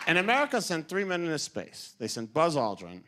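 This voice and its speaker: A man's voice: on the high side, brisk, heavy background noise. A young man doing a stand-up comedy routine on a club stage, telling stories and acting out characters. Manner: animated storytelling, acting out characters. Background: audience laughter.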